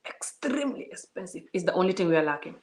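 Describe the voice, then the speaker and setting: A woman's voice: lowish voice, big pitch swings, fast. A woman giving an emphatic, preachy vlog monologue, full of repeated words and rhetorical questions. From Gambia. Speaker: vlogger. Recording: roomy echo.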